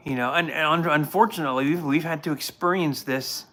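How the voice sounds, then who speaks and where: His voice sits on the high side, brisk, with a bright and forceful tone. The speaker is a forties-aged police officer hosting a laid-back livestream from home, full of earnest, rambling tales and frequent restarts.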